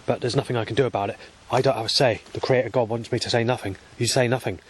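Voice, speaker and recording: A man's voice: mid-range voice, fairly even intonation, very fast, a little hiss or hum. A man vlogging on a walk outdoors by a road, talking in a rambling, agitated and profane monologue.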